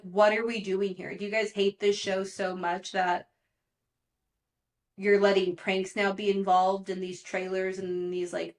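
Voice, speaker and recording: This is a young woman hosting a casual gossip podcast, with a voice at an ordinary middle pitch. She talks in a chatty way, leans on "like," and gets openly exasperated over what the cast did. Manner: chatty and exasperated, heavy use of "like". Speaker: podcast host. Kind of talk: casual pop culture gossip recap.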